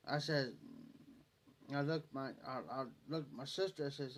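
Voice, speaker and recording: A man's voice: a little high, steady tone, moderate pace. Rambling man telling stories. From Ohio. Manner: rambling, repeats "I said" constantly; folksy rural speech. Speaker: livestream host. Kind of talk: casual storytelling.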